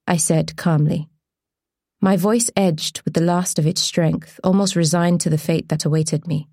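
A woman reading an audiobook in measured, deliberate scripted narration. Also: low-pitched, steady tone, a little mellow, no room sound, studio quality.

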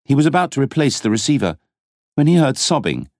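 A man reading a novel aloud as an audiobook narrator, in a dramatic, expressive style. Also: medium pitch, quick pace, no echo, clean studio sound. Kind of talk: scripted narration.

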